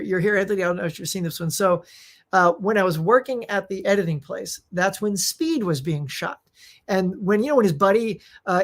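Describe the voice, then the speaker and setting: A middle-aged woman hosting a casual live Q&A, telling rambling, animated stories with many fillers while losing her voice. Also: medium pitch. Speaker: host.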